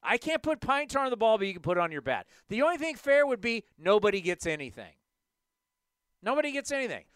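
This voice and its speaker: A man hosting a casual sports podcast, ranting and repeating his points for emphasis. His voice is high and lively, with a bright, clear tone. The recording is close and dry. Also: fast talker, dry recording. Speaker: podcast host.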